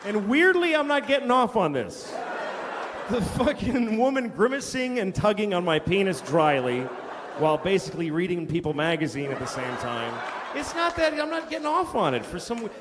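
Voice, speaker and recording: A man's voice: sits high, big pitch swings, a little fast, noisy background. A man performing a stand-up comedy routine, telling stories in a profane, exasperated way. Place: comedy venue on stage. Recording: reverberant club with loud crowd laughter.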